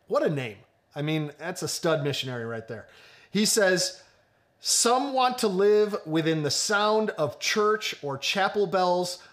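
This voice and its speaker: A male pastor preaching a sermon, animated and joking, speaking straight to his congregation. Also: high voice.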